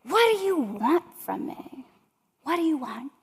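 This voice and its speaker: A woman quoting her loud, frustrated mother in a raised voice. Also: sits high, very animated, measured pace, voice pushed up, exaggerated voice. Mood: exasperated. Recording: long hall reverb.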